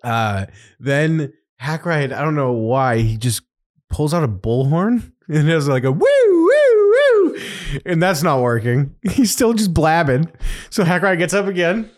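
This podcast host chats casually and spins an animated story, breaking into laughter again and again. He speaks at a measured pace in a slightly high voice.

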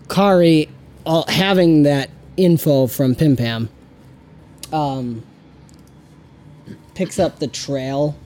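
A man running a tabletop game as game master and host, talking in a halting way with many fillers and restarts. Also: mid-range voice, a little mellow.

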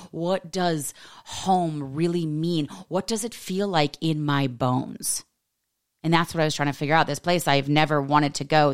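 A woman's voice: deep voice, creaky, clean tone. A woman hosting a podcast, talking candidly and expressively in a reflective personal monologue, swearing freely. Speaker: podcast host.

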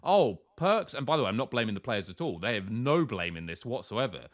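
A man's voice: lowish voice, fast. Fired-up man ranting. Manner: animated, swearing, mock-quoting others in put-on voices. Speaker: co-host. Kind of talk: heated casual podcast rant.

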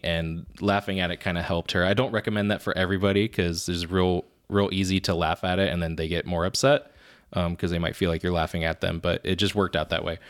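A man co-hosting a podcast, telling animated stories about being a father and often laughing at his own anecdotes. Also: low-pitched, fast talker. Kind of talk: casual chat.

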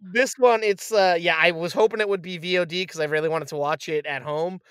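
A man in casual chat, retelling a movie with lively acted-out quotes and frequent swearing. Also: high-pitched, a little fast, clear, resonant tone, no echo. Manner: animated storyteller, acts out quotes, swears freely. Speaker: podcast co-host reviewing a movie.

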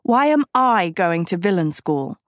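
A gloomy, sardonic teenage girl, voiced by a woman reading a storybook. She speaks slowly in a flat, dry manner. The sound is close and dead dry. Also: on the low side, no echo.

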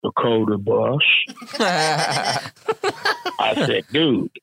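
A man telling a rowdy work story in casual chat, profane, animated and laughing often. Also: medium pitch, drawn-out words, gravelly, a little hiss or hum, rough recording.

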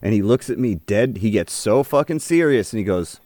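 A man co-hosting a podcast, chatting and telling stories in a loose, casual way. His voice sits fairly low, and he swears freely as he rambles. The sound is dry and close, with no room echo. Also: animated, fairly quick, dark tone. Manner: laid-back storytelling with frequent swearing. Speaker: podcast co-host. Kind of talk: casual chat.

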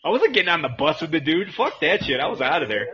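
Swearing dude telling gross stories, muffled lo-fi, crowd chatter behind. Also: male voice, fairly high pitch, big pitch swings, fast talker. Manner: blunt, profane storyteller. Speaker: podcast co-host. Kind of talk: crude casual chat. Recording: dull lo-fi sound with crowd noise.

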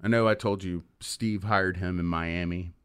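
A man's voice: deep voice, steady tone, moderate pace, clean tone. A man hosting a podcast, telling a rambling story in casual chat with many fillers. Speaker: podcast host.

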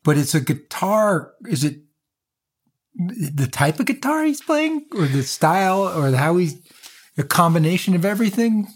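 A man's voice: high voice, sing-song, unhurried. A man hosting an interview, asking curious, probing questions about music. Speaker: interview host.

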